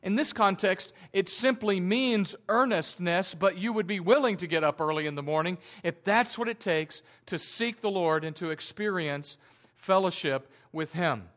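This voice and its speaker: Male pastor, slightly high voice, slow earnest sermon reading. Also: a bit bright. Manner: slow, deliberate reading that stretches key words; earnest, explanatory preaching.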